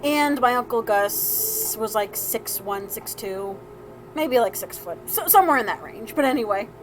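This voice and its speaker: A soapmaker hosting a live stream tells a story casually while crafting, chatty and rambling, laughing often and restarting her sentences. Her voice is high and expressive at a moderate pace. Soft music plays in the background of the low-quality recording.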